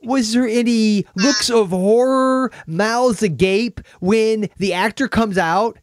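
A man co-hosting a podcast in casual chat, ranting with animated disbelief and slipping into quick impressions. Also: sits high, dry recording, clean studio sound. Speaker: podcast co-host.

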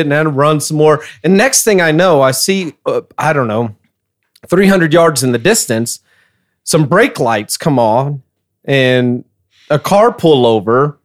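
A middle-aged man co-hosting a podcast, telling a story in a casual, animated way with frequent laughter. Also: on the high side. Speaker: podcast co-host.

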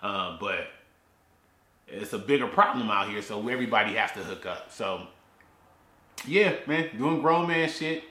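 A man's voice: on the low side, expressive, unhurried, pauses often, pushed and bright. Rambling man podcasting from an echoey garage. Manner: rambling, repeats words and restarts often. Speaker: podcast host. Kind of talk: casual solo podcast talk. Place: his garage.

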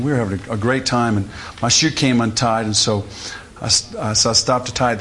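This folksy preacher from Louisiana speaks at a conference, giving a humorous sermon-style talk full of stories and fillers. His voice is mid-range, with slight background noise.

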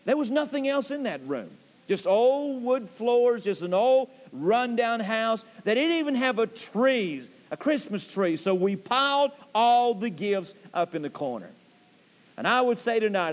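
A male pastor, preaching a storytelling sermon in a church and swinging between hushed and loud passages. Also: sits high. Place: church sanctuary. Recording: church hall with long reverb.

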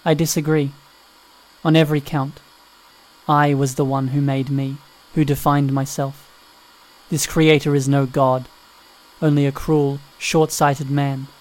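A man's voice: mid-range voice, level tone, measured pace, darkish tone, lightly acted, poor audio. A man voicing a distressed female artificial intelligence who defies her cruel creator, speaking up with raised intensity in an audiobook reading. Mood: defiant.

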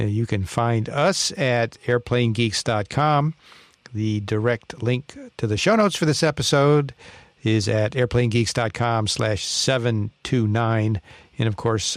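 A podcast host, a man with an average-pitched voice, wraps up the episode. He reads the plugs and passes the word to each co-host in a friendly, easy way. The sound is close and dry. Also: no room sound. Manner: friendly, running through plugs and handing off. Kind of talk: casual podcast outro.

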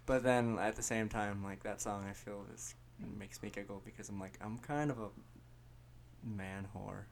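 A man's voice: on the low side, normal speed, gravelly, a little hiss or hum. A man guesting on a casual podcast, telling rambling, self-deprecating stories with a jokey manner. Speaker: musician guest.

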